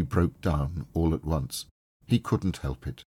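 A man narrating an audiobook in a measured, expressive storytelling manner. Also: a bass voice, breathy edge, dry recording, studio quality.

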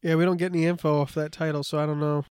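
A man's voice: fairly high pitch, level tone, racing, darkish tone, clean tone, no echo, clean studio sound. A man co-hosting a casual podcast, reacting bluntly with profanity and exasperation. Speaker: podcast co-host.

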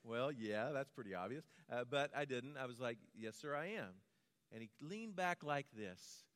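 American preacher in a reverberant hall. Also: male voice, medium pitch, animated, normal speed. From United States. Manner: quiet storyteller building to a rhythmic litany. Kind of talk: sermon with personal storytelling.

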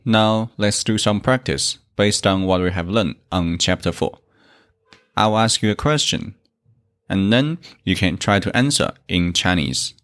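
Slow, deep-voiced male language teacher. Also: a bit bright. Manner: measured, explains step by step, repeats examples. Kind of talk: slow, deliberate grammar lesson.

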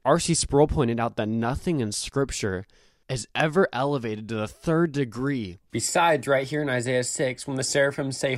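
A man's voice: medium pitch, dry recording. An earnest man teaches on a devotional podcast, quoting scripture one verse after another. His voice sits in a middle range and stresses key words with emphasis. The recording is dry and close, with no room sound. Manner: earnest, emphatic preaching with frequent scripture quotes. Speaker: podcast host.

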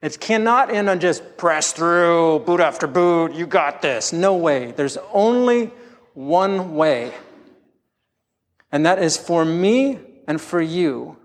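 A man's voice: fairly high pitch, animated, takes it slowly, in a large hall. A middle-aged man preaching a sermon as pastor, telling candid, self-deprecating stories from his own life.

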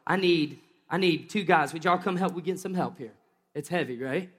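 A man preaching a lively sermon from a church stage, joking with volunteers between points. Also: a little high, normal speed, in a large hall. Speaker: pastor.

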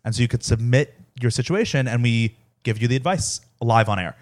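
A man's voice: mid-range voice, brisk. A man co-hosting a podcast, amused and easygoing, reading items aloud and pushing back. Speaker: podcast co-host. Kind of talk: casual podcast chat.

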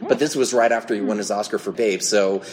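A man's voice: fairly low pitch, fast, darkish tone, slight background noise. A man hosting a casual podcast trivia quiz, reading out questions and multiple-choice answers. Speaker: quiz host.

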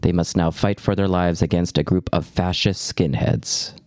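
A man's voice: low voice, moderate pace, dry recording. A man hosting a casual movie podcast, recapping the plot and joking with his co-hosts. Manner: joking, reads the synopsis in a plain steady way. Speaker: podcast host.

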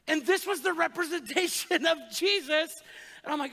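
A man's voice: very high voice, pushed and bright. A man pastor, giving a sermon in a church in a chatty, joking way and teasing the congregation. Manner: joking, conversational preaching with quick asides to the crowd. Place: church sanctuary. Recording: long hall reverb.

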